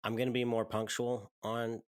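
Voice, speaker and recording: A man's voice: mid-range voice, flat delivery, normal speed, clear, resonant tone, dry recording, studio quality. A man chatting as a podcast guest, hesitant and trailing off with frequent ums. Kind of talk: casual chat.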